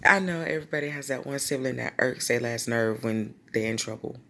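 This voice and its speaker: Low, gravelly woman telling a story. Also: brisk, slight background noise. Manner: animated, slangy storytelling with acted-out quotes. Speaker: vlogger. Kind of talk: storytime vlog.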